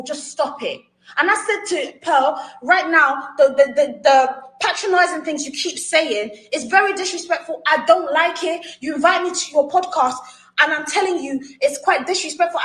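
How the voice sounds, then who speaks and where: A woman's voice: high voice, a bit bright. A woman indignantly recounting being thrown off a podcast, laughing as she vents. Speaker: podcast guest. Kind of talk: venting story. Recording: roomy echo.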